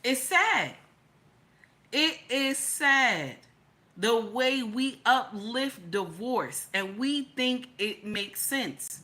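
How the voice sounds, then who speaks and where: A middle-aged woman giving opinionated livestream commentary, blunt and preachy, with profanity sprinkled through. Her voice sits a bit high and rings bright and forceful. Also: lively intonation, extremely slow. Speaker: livestream host.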